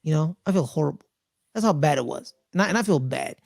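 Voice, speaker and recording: A man co-hosting a casual sports podcast, talking excitedly and repeating phrases for emphasis. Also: fairly high pitch, fast talker, creaky, dry recording, clean studio sound. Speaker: podcast co-host.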